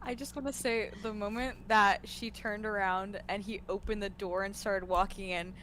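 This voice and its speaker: A woman's voice: medium pitch, moderate pace, slight background noise. A woman player in a tabletop game, chatting casually and expressively over a video call. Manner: giggly, expressive. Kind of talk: casual chat and narrating her character.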